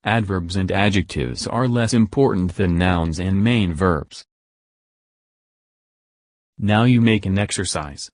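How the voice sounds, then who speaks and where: Low-voiced man teaching a recorded lesson. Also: darkish tone, no echo. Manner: slow, deliberate word-by-word emphasis on examples. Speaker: English teacher.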